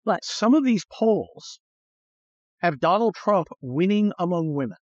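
A podcast host with a high-pitched, animated voice talks politics at a measured pace. He's sarcastic and blunt, swears here and there, and slips into mocking voices. The audio has no room sound and its highs are cut off.

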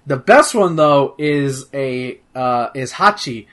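A man's voice: mid-range voice, expressive, slow pace, a bit bright. A man in casual chat, talking about a video game in a rambling way with many fillers and restarts, swearing now and then. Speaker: podcast host reviewing a video game.

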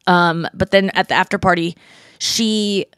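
A woman in her forties, a podcast host telling a story in casual chat, animated and slipping into quoted voices. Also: fairly low pitch, unhurried, smooth, dry recording, studio quality.

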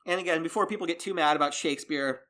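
Low-voiced woman explaining history casually. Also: quick pace, fairly bright tone. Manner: explains history with offhand jokes. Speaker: podcast co-host. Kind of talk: casual chat.

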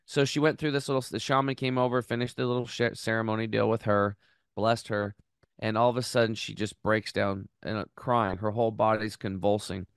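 A man hosting a health podcast, earnestly telling an emotional story in a close, animated way with many restarts. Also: on the low side, a little fast, clean tone, no room sound. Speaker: podcast host.

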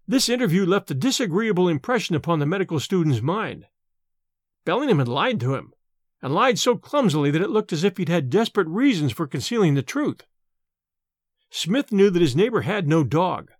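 A man giving a measured, scripted audiobook narration of a classic horror tale. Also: high voice, dry recording, clean studio sound.

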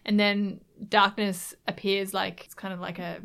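A woman chatting casually about a film as a podcast co-host, in a relaxed, agreeable way with lots of filler words. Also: medium pitch, moderate pace, few pauses.

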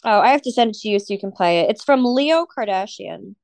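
A woman's voice: mid-range voice, lively intonation, fairly quick, gravelly, darkish tone, dry recording. A woman co-hosting a casual podcast, upset after crying, venting with lots of swearing and fillers. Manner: emotional, swearing, filler-heavy. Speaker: podcast co-host. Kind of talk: casual chat.

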